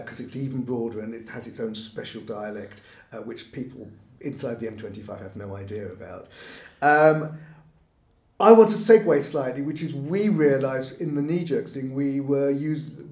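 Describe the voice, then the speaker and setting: A chatty man talks casually and pokes fun at himself, with a laugh never far away. His voice sits at an ordinary middle pitch. The room around him gives it a noticeable echo. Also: darkish tone. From not from Birmingham, lives there. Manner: self-deprecating, chatty, laughs often. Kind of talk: casual podcast conversation. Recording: echoey room.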